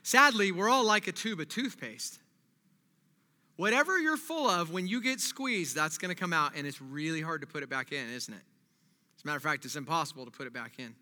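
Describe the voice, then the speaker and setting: Male pastor, sermon, sharp bright timbre, long hall reverb, shifts from hushed to loud. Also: a little high, fairly quick. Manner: swings from quiet reflection to loud animated preaching. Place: church.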